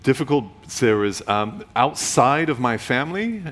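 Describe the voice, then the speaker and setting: A man's voice: medium pitch, very animated, moderate pace, fairly bright tone. A man in his thirties or forties, an author guest talking reflectively and playfully in an interview, acting out quotes as he goes. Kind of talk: conversational interview.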